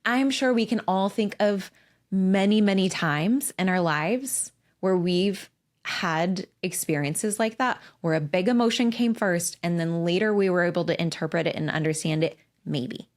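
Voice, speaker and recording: A woman's voice: on the low side, unhurried. A woman in her forties hosting a casual solo podcast, candid and emphatic, swearing freely as she talks. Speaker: podcast host and coach.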